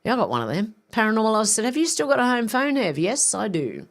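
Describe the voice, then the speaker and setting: A woman hosting a live stream, reading viewer comments aloud and reacting with quick asides. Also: on the high side, very animated, creaky.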